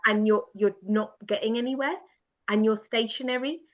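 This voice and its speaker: A woman guest telling a personal story in a lively, self-mocking way, often laughing as she goes. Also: fairly high pitch, moderate pace. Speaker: podcast guest. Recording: dull lo-fi sound.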